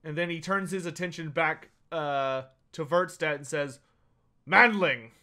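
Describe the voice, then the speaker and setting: A man narrating as game master of a tabletop role-playing game, pausing often with fillers as he describes scenes. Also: on the high side, fairly even intonation, pushed and bright, clear, resonant tone. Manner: halting, many uh fillers while narrating.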